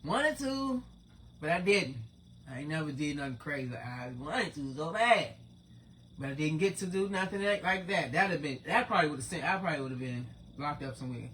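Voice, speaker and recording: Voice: medium pitch, expressive, normal speed, fairly bright tone, a little hiss or hum. A person in their forties, hosting their own channel, talking to viewers in a casual, profane, rambling spiritual monologue. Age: 40s. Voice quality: profane, rambling, streetwise talk.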